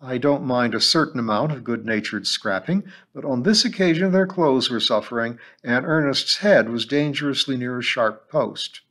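A man narrating an audiobook in a measured, even storytelling manner. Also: mid-range voice. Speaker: audiobook reader.

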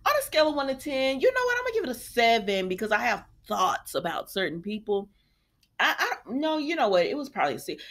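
Talking fast in a slightly high voice, a young adult woman recaps a soap opera in a laid-back way. Her delivery is sassy and lively, and she performs the characters' dialogue herself.

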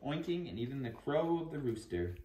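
A man's voice: a little high, very animated, brisk. A father reading a bedtime story in an echoey room. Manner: reads gently, often breaking off to talk to the toddler and dogs. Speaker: father reading to his toddler. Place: living room at home. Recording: echoey room, voice far from the mic, background noise.

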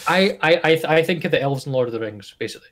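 A man's voice: on the high side, lively intonation, very fast, fairly bright tone. A Scottish man co-hosting a podcast in casual chat, rambling with many fillers and restarts. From Scotland. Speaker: podcast co-host.

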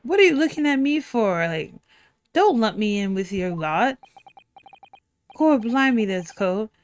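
A woman's voice: a little high, very animated, measured pace. A woman doing a cheeky London thief. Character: rough London thief brothers, men, cheeky.

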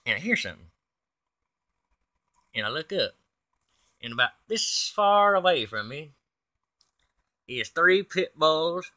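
Pitched fairly high, this man's bright, forceful voice carries a comedic monologue. He tells a tall tale in a rambling, folksy manner, quoting others in his own voice.

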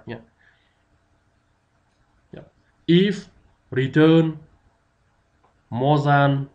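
Slow, halting man teaching a tutorial. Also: medium pitch, highs cut off. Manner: slow, halting explanation with many fillers. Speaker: instructor. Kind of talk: screen-recorded software tutorial.

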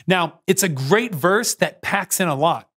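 A man's voice: sits high, lively intonation, measured pace, a bit bright. A man hosting a children's church lesson as a playful, teasing quizmaster. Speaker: children's church game host. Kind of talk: lively kids' lesson game show.

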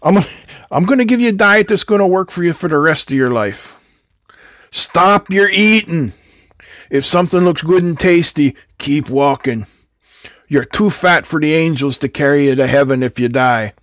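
A man's voice: a little high, lively intonation, normal speed, fairly bright tone, dry recording, clean studio sound. A man putting on a blunt, scolding old Irish neighbor. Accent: put-on Irish.

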